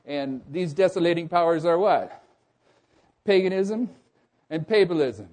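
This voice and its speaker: Questioning male preacher, higher voice. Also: animated, a little slow, darkish tone. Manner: asks the audience rhetorical questions; stumbles and restarts mid-phrase. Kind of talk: sermon.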